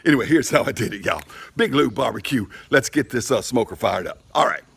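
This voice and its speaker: A man's voice: mid-range voice, animated, brisk, creaky, fairly bright tone, husky. A middle-aged man, telling a rambling story casually in his barbecue vlog, outdoors by his smoker. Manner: folksy, rambling, chatty storyteller. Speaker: barbecue channel host.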